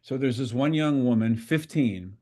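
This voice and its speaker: A man, a constellation facilitator, telling a story in a relaxed, conversational way and acting out the dialogue. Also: mid-range voice, normal speed. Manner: conversational, acts out dialogue with swearing quotes. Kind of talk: storytelling in an online talk.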